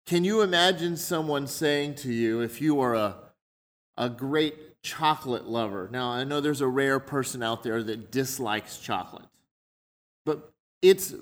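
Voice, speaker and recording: A man preaches a sermon conversationally, illustrating his points with everyday examples, in a mid-range voice with a fairly bright tone.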